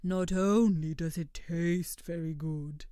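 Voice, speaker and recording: Woman reader voicing a very slow, dark-toned, polite storybook creature. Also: lowish voice, fairly even intonation, no echo, studio quality. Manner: slow, measured and proper. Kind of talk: storybook character reading.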